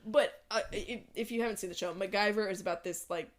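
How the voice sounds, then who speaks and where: Young woman, podcast co-host, casual chat, laid-back, mid pitch, casual swearing. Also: fast.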